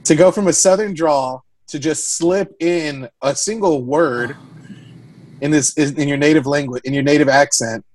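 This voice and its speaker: A woman's voice: deep voice, moderate pace, a little mellow, slight background noise. A woman co-hosting a podcast, chatting casually about a movie, laughing often and teasing playfully. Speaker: podcast co-host. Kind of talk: casual movie review chat.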